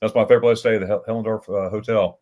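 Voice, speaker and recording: A man's voice: on the low side, fairly even intonation, racing, dark tone. Chatty man telling rambling stories. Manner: rambling storyteller with frequent restarts and chuckles. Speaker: livestream host. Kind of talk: casual livestream chat.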